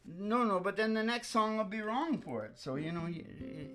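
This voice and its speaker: A man's voice: high voice, lively intonation, moderate pace, fairly bright tone. A man hosting a live country music show, singing covers and chatting with a rambling, laughing manner. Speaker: host of a music and talk show. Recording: live acoustic guitar music. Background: acoustic guitar.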